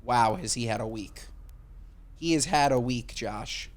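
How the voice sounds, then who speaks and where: A man in his thirties co-hosting a casual podcast chat, animated and jokey, swearing freely. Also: a little slow. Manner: animated, swearing, jokey, lively pitch swings. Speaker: podcast co-host.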